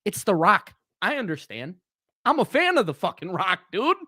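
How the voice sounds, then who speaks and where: A man's voice: high-pitched, big pitch swings, normal speed, sharp tone, dry recording, clean studio sound. A man hosting a livestream, giving a heated, profane rant about the latest show. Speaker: channel host. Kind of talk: livestream wrestling talk.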